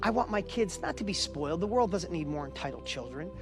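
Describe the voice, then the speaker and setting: A man's voice: high voice, animated, quick pace, music in the background. A middle-aged man speaking as an event speaker, telling a personal story in a motivational stage talk and building to urgent exhortation.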